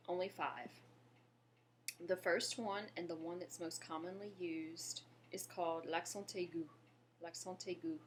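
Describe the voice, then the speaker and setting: A woman from Louisiana leads a French lesson, low and unhurried, coaching listeners to repeat each word. Her voice is pitched low for a woman, with a faint hum of room tone behind her. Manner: patient, slows down to model pronunciation and asks viewers to repeat. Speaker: French teacher. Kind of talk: language lesson.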